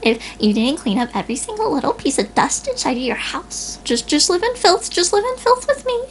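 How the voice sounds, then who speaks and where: A woman's voice: extremely high pitch, big pitch swings, fairly quick, slight background noise, voice pushed up, full character voice. A woman doing a whiny, sneering complainer guy. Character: whiny lazy complaining man, mocking and self-pitying.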